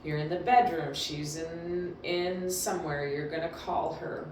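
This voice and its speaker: A woman dog trainer talks through her lessons in a casual, emphatic way, often repeating herself for stress. Her voice sits low. It rings through a very echoey room from a mic placed some distance away. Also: steady tone, measured pace, a little mellow, slight background noise. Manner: emphatic, repetitive, chatty. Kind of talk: casual instructional talk.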